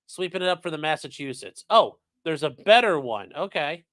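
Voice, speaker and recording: A man's voice: on the high side, big pitch swings, normal speed, few pauses, fairly bright tone. Sarcastic man doing live-stream commentary. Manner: sarcastic, rambling, reads chat aloud. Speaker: streamer host reacting to trial news.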